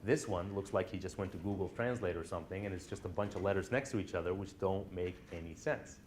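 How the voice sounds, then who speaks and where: A man's voice: low voice, fast talker, a little mellow, a little hiss or hum. A man lecturing college students in a classroom, telling personal stories in a conversational way and often checking in with the class.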